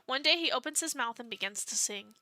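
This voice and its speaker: A young woman streamer reading a dating-sim story aloud, expressive, breaking off into excited asides. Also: a little high, a little fast, no echo.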